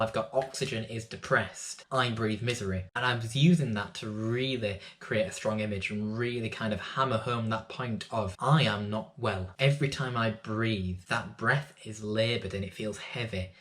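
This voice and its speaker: A young man, a poet talking earnestly and candidly about his own work in a reflective vlog. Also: mid-range voice.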